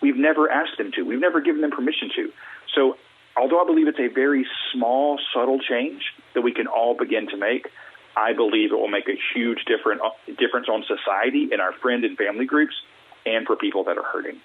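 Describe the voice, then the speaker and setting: Husky man on a tinny phone line. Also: mid-range voice, fairly quick. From Alabama, US Deep South. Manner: animated, acts out quoted small talk. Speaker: guest, mental wellness coach. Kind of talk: earnest casual talk.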